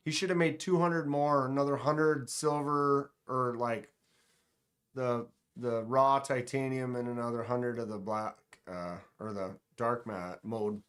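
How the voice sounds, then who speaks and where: Slow-talking, joking man hosting a live stream. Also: medium pitch, steady tone, a bit bright, smooth. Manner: playful, joking, talks to chat directly; exclaims short interjections. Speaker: livestream host. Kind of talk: casual live-stream chat.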